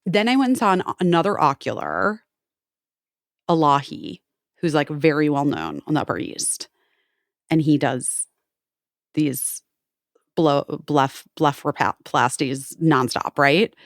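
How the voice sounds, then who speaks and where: With a low-pitched, animated voice, this woman in her forties co-hosts a podcast, unhurried and pausing often as she swears freely and acts out quoted voices in casual chat. The recording is studio quality, with no room sound at all.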